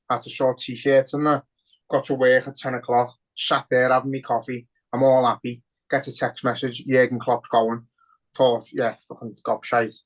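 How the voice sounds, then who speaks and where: Male co-host, Liverpool accent, emotional, sweary, mid pitch. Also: poor audio. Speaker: podcast co-host. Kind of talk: casual podcast chat.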